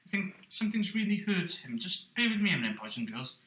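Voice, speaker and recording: A man hosting a children's puppet show who coaxes his puppet and speaks gently to young listeners. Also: high voice, sing-song, fast talker. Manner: gentle, coaxing, addresses children. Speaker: host and puppeteer. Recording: roomy echo.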